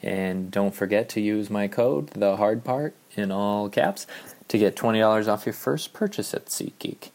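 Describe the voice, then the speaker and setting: A man's voice: fairly low pitch, moderate pace, creaky, a little mellow. A man hosting a casual sports podcast, talking in a rambling, offhand way with many ums, a little out of breath. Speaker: podcast host.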